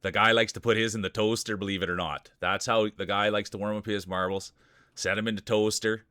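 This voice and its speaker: Chatty Canadian man, bright voice. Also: lowish voice, flat delivery, fairly quick, clean tone, dry recording, clean studio sound. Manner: chatty, greets viewers by name, jokey. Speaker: streamer and marble race announcer. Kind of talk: casual live-stream chat and playful commentary.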